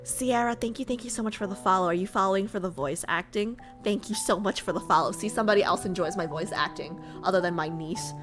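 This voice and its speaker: A woman's voice: mid-range voice, fast, hardly any pauses, over music. A woman streamer chatting playfully with her viewers and reading a game story aloud. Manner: chatty and playful, teasing herself and her chat.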